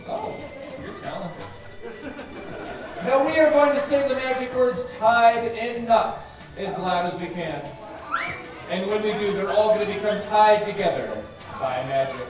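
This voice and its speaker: Heard from a distance in an echoey recording full of music and crowd sounds, a man with a high, lively voice speaks at a moderate pace. He's entertaining kids as a magician at an orchard show, playful and chanting with put-on astonishment.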